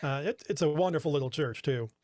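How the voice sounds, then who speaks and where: Brief: relaxed church-worker guest, slightly high pitch, dry mic. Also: male voice, fast talker, no room sound. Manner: easygoing, laughs while talking. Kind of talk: casual interview chat.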